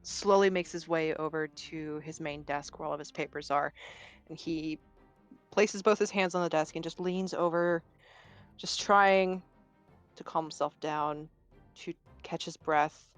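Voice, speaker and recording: A woman playing a tabletop role-playing game, narrating her character's actions in a quiet, measured way. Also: low-pitched, fairly even intonation, soft background music. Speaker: player.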